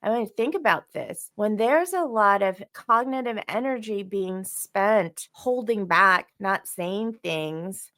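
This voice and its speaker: A woman's voice: mid-range voice, a bit bright. A woman co-hosting a podcast, explaining relationship ideas in a thoughtful, conversational way with light laughs. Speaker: podcast co-host.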